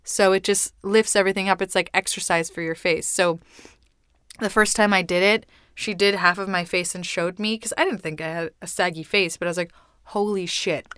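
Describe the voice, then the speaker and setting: A woman's voice: fairly low pitch, fairly even intonation, a little fast, fairly bright tone, smooth, dry recording, clean studio sound. A woman as a podcast guest, chatting casually and enthusiastically about beauty tips, often correcting herself mid-sentence. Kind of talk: casual chat.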